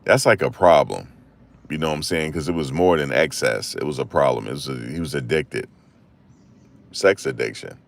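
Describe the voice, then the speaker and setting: A man's voice: rumbling low, moderate pace, gravelly. A man hosting his channel, telling casual stories full of slang and acted-out quotes. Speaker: channel host. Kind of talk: casual storytelling commentary. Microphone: desk microphone.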